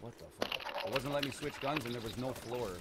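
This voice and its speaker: A man's voice: medium pitch, brisk. A Canadian man with a Canadian accent giving profane, jokey commentary while playing a game. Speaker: gaming streamer. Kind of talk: casual gameplay commentary. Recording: noisy game audio behind.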